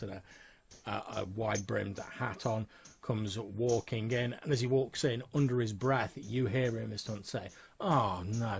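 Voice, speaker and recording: A man's voice: fairly low pitch, gravelly, a little hiss or hum. A man narrating a tabletop role-playing game as game master, in a casual, filler-heavy way.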